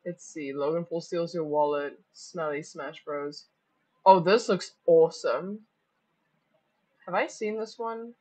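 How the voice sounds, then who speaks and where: A young woman streaming, chatting excitedly and joking as she reacts to videos. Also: on the low side, takes it slowly, husky. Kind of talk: casual reaction commentary.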